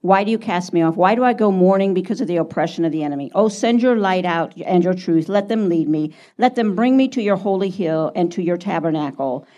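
A woman's voice: lowish voice, fairly quick, hardly any pauses, dark tone, highs cut off. Woman reading scripture from off-mic. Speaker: scripture reader.

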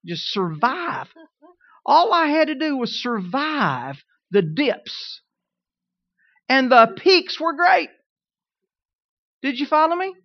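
Animated preacher man, muffled sound. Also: extremely high pitch, slow pace, pauses often, no room sound. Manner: animated, humorous storytelling with rising emphasis. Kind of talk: sermon.

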